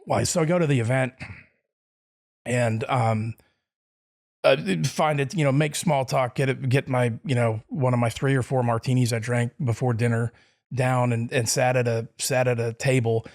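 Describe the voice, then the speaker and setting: A middle-aged man with a mid-range voice and fairly even intonation speaks at a normal speed. As a podcast guest, he tells a long personal story casually, rambling with frequent restarts and fillers.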